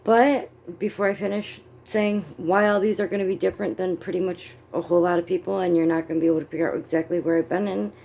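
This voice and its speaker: A middle-aged American woman talking in a relaxed, rambling way, amused at herself as she goes. Her voice is warm and fairly low, and she sounds like she is chatting from home while crocheting and checking notes. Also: quick pace, creaky, hardly any pauses. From United States. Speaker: vlogger. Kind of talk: casual chat.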